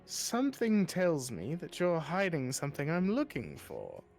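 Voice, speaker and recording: A man's voice: on the high side, huge pitch swings, a little slow, a little mellow, soft background music, heavily acted. A man playing a pushy traveler who is trying to talk his way into a trade to find his friend. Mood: persuasive. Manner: smooth-talking, wheedling trader.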